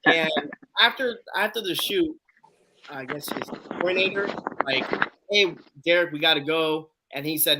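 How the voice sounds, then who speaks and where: A man's voice: a little high, a little slow, background noise. A man hosting a live online show, telling a long story in a casual way and acting out what people said. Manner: animated storyteller acting out quotes. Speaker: host.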